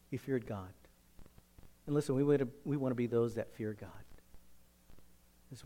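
A male pastor preaching a sermon emphatically, swinging from loud, forceful lines to hushed ones. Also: mid-range voice.

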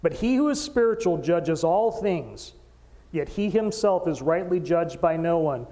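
Man, pastor, sermon, high-pitched, animated storytelling, joking with the congregation, long hall reverb. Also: measured pace. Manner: animated storytelling, acting out quoted voices, joking with the crowd. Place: church stage in a hall.

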